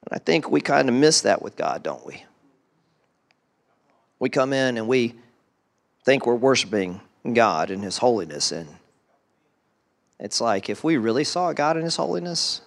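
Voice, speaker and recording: A man preaching a sermon as pastor, animated and full of rhetorical questions, sometimes dropping to quiet asides. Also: mid-range voice, normal speed, gravelly, pauses often.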